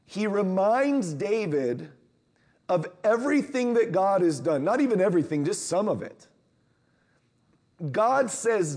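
A man preaching a sermon in a relaxed, talky way, his voice sitting a little high. When he acts out Bible characters he jumps higher and louder, then settles back down. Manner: conversational, acts out Bible quotes with rising pitch.

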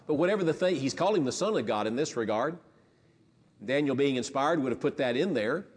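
A man's voice: mid-range voice, lively intonation, fairly quick, breathy edge, big-room sound. A pastor preaching a sermon in a conversational way, often restarting his phrases.

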